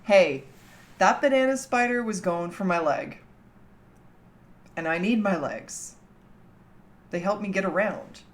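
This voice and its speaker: A woman's voice: mid-range voice, unhurried, long pauses. A young woman from Canada chatting casually with her livestream chat from home, teasing and laughing often. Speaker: streamer.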